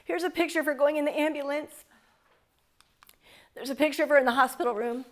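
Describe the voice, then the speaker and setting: A woman's voice: sits high, a little fast, fairly bright tone. A woman in her forties telling a personal testimony to an audience in an earnest, fervent storytelling manner. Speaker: speaker sharing a testimony.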